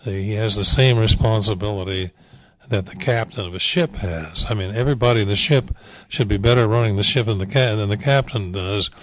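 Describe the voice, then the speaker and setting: A man's voice: on the low side, a little fast, fairly bright tone, dry recording, low-quality recording. An older man, a veteran animation director, reminiscing in a rambling, wryly humorous way, with frequent fillers and restarts. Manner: wry, dryly humorous. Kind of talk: anecdotal reminiscing talk.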